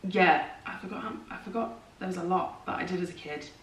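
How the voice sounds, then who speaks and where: A woman's voice: lowish voice, fast talker, far from the mic, a little hiss or hum. A woman performer chatting casually about her acting work, self-deprecating and talkative. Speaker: co-host, musical theatre performer. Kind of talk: casual morning chat. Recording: roomy, from off-mic.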